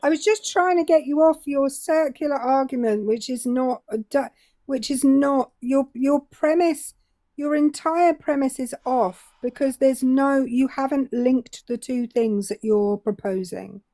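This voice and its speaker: A woman's voice: high-pitched, a little slow, mellow, no echo. A British-accented English woman in her forties, co-hosting a live call-in debate and pressing a caller with pointed questions. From England. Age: 40s. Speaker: co-host.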